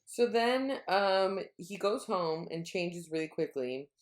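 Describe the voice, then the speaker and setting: Female podcast co-host, lower register, chatty and animated, reads quotes with feeling. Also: slow pace. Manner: animated retelling, acting out quotes, frequent laughs. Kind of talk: casual book discussion.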